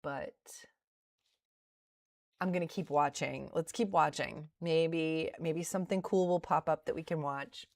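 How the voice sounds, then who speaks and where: Middle-aged woman trader on a live stream, deep and measured, laughs off her losses. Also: darkish tone. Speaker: day trading livestreamer. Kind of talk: casual livestream commentary.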